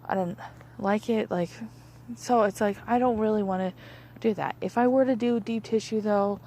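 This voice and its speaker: Speaking at a normal speed in a warm, mid-range voice, a young woman who works as a massage therapist chats about her week. Her talk is rambling and casual, full of fillers and restarts.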